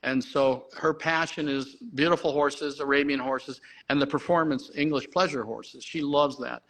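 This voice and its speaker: A middle-aged man, a horse breeder and guest, telling a long story in an excited way and often restarting his sentences. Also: medium pitch, normal speed, low-quality recording. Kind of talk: animated storytelling.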